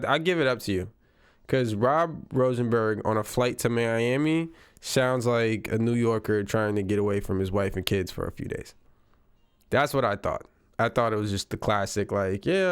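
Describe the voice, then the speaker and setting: A smooth, clear-voiced man riffs on a news clip in loose, casual commentary. He sounds wry and incredulous and keeps repeating himself for effect. His voice sits dry and close, with no room around it. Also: lowish voice, no echo. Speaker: commentator reacting to news clips.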